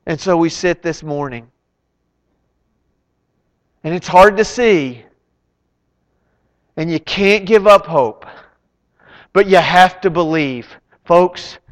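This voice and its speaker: A man with a high, smooth, resonant voice delivers an impassioned sermon, leaning on slow, deliberate phrasing. His words ring out with the long echo of a large church sanctuary. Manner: impassioned, slow and emphatic preaching. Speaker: pastor. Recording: long reverb of a large hall.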